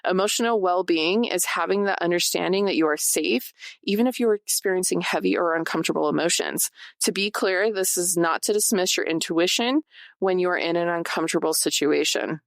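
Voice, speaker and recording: Podcast host, woman, fairly low voice, very dry close sound; casual, talks right to listeners. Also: a little fast, gravelly, no echo. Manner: chatty, addresses listeners directly, laughs often. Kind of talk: casual solo podcast talk; partly reading from notes.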